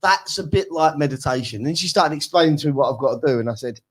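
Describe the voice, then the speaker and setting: A man's voice: fairly high pitch, quick pace, a little hiss or hum. A man telling funny stories in a casual chat, acting out quoted lines. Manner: animated storytelling, acts out quotes. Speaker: guest.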